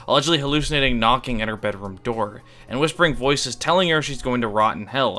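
A man narrates a scripted video with a clean, crisp voice. His delivery is wry and offhand, with casual asides and the occasional swear word played for laughs. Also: mid-range voice, bright, forceful tone. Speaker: YouTube iceberg explainer.

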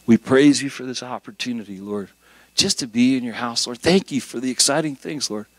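A middle-aged man preaching a sermon as a guest pastor, conversational and animated, with jokes and rising emphasis. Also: medium pitch, a little fast, dry recording.

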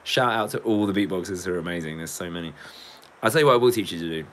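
A man's voice: deep voice, rapid-fire, fairly bright tone, a little hiss or hum. A man and beatboxer chatting casually on a live stream. He rambles, jokes, swears freely and often breaks into laughter. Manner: rambling, jokey, swears a lot, cracks up laughing.

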